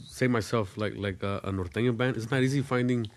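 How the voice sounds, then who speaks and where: A man's voice: fairly low pitch, a little fast, a little mellow. Laid-back male podcast host. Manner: laid-back, encouraging, profane. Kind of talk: casual chat.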